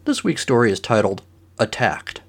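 A man's voice: mid-range voice, sing-song, normal speed, creaky, loud music behind the voice. A man narrating a comic short story in a dry, matter-of-fact way.

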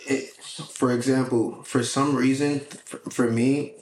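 A man's voice: medium pitch, level tone, a little slow, darkish tone. Casual joking man in echoey room. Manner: loose storyteller, swears and jokes. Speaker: podcast co-host. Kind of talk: casual podcast chat. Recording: echoey room, faint noise.

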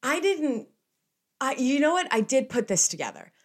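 A young woman from the United States hosting a podcast alone, telling stories in a chatty, animated way with playful asides. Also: sits high, fairly quick. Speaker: podcast host. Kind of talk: casual solo podcast chat.

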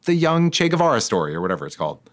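A man's voice: mid-range voice, racing, background noise. A man co-hosting a casual film chat who laughs often and knows a lot about movies. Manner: laughs often, knowledgeable, animated. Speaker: podcast co-host.

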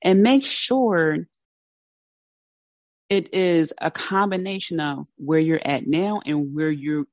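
A woman's voice: on the low side, a little mellow, dry recording, studio quality. A woman hosting a motivational podcast who coaches listeners in a direct, candid, conversational way. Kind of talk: motivational solo talk.

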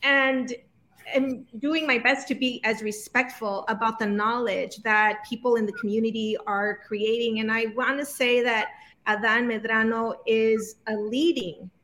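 A woman's voice: on the high side, fairly even intonation, unhurried, a bit bright, a little hiss or hum. Thoughtful woman scholar speaking as a guest. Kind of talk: conversational interview.

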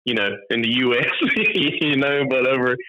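A man's voice: medium pitch, moderate pace. A man from the Southern US with a Southern accent, a guest talking in easygoing, filler-heavy casual chat. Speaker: guest, video creator. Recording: muffled lo-fi audio.

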